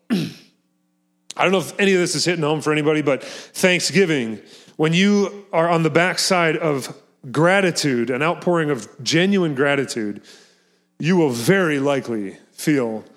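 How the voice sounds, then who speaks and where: Man, pastor, sermon, earnest, emphatic, repeats himself, slightly high voice. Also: lively intonation, measured pace.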